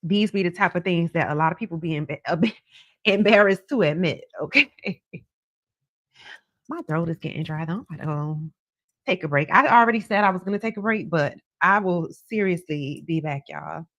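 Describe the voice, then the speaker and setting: A woman's voice: lowish voice, animated, moderate pace, a bit bright, dry recording. A woman hosts a livestream, chatting casually and animatedly with viewers and answering their comments. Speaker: tarot reader livestream host. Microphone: camera on a stand.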